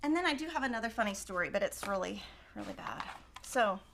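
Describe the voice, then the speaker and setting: Chatty gravelly-voiced woman host. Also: mid-range voice, lively intonation, fast talker, a bit bright, slight background noise. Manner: chatty storyteller, thinks aloud over math. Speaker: quilting show host. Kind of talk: casual chat while cutting fabric.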